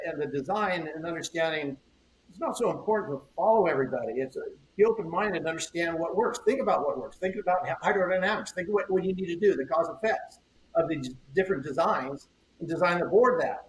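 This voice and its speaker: Older guy, board shaper, kinda high voice, rambles and repeats himself, echoey room. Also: lively intonation, brisk, a little hiss or hum. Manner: rambling, repeats words, acts out quoted exchanges. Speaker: surfboard shaper, podcast guest. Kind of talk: casual interview storytelling. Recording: roomy echo, faint ambience.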